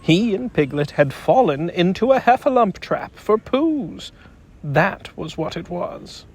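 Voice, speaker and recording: A man reading a children's book aloud in gentle, unhurried storybook narration. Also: sits high, sing-song, breathy edge. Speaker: audiobook narrator.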